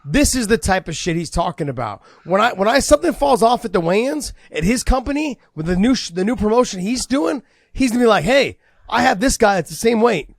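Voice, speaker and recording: A man and former fighter co-hosting a casual podcast, excited and talking fast, acting out quoted lines. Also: high voice, creaky, no echo, studio quality.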